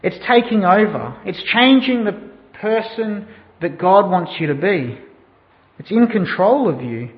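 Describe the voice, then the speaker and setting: A man's voice: sits high, big pitch swings, unhurried. A man preaching a sermon who tells a story and asks the listeners questions. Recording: dull sound in a reverberant hall.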